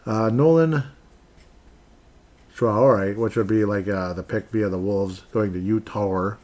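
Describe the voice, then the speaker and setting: A man's voice: on the low side, takes it slowly, darkish tone. A man hosting a casual solo sports podcast, rambling with frequent laughs and bursts of mock outrage. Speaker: podcast host.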